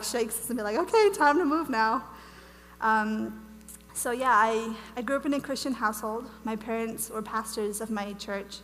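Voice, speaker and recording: A woman's voice: fairly high pitch, a bit bright. Chatty young woman in a hall. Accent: American, lost her Welsh accent. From Wales. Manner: bubbly, chatty, many fillers and restarts. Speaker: guest speaker. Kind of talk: casual testimony talk at a conference. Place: church hall. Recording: reverberant hall, faint hum.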